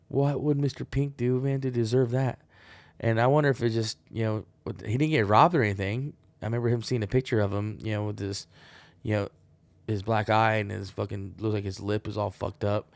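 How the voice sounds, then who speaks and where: A man's voice: lowish voice, gravelly, no room sound. A man hosting a solo podcast, rambling and wisecracking with plenty of swearing. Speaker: podcast host.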